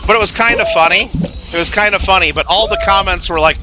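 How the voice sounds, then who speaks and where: A fairly high-voiced man talks loosely as he streams a game, stringing his thoughts together with constant "like"s and restarts. Game music plays clearly underneath his voice the whole time. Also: lively intonation, fast. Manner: rambling, filler-heavy storytelling with lots of "like". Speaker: livestream gamer host. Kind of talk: casual livestream chat while playing.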